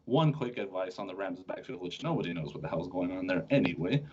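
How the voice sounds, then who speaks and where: Husky-voiced man hosting a chatty sports show. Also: deep voice, lively intonation, darkish tone. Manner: chatty, joking, quick-talking with restarts. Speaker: podcast host. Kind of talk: casual sports chat. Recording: dull lo-fi sound.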